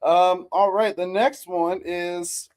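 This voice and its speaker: A man's voice: high voice, fairly even intonation, slow pace. A man hosting a casual comedy podcast, reading out definitions and reacting with flustered laughs. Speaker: podcast host.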